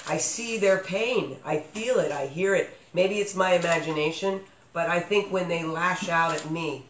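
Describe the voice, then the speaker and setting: A man's voice: on the high side, moderate pace, fairly bright tone. A man hosting a casual podcast chat, rambling with lots of fillers and restarts. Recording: echoey room with faint noise.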